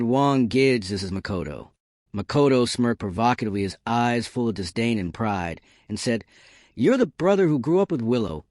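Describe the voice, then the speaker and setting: Lively male story narrator. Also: mid-range voice, dry recording, clean studio sound. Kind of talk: first-person story narration.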